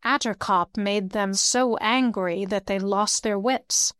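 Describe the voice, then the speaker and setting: Woman audiobook narrator, smooth clear voice, close and dry recording. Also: mid-range voice, takes it slowly, no room sound. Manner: steady storytelling, lifts her voice for dialogue. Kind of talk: audiobook reading.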